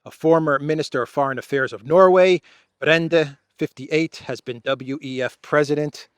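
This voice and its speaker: A man raised in Greece hosts a show, commenting solo in a casual, sardonic drawl punctuated by laughter, recorded outdoors in a wooded spot. His voice sits a little high and a bit bright, with no echo.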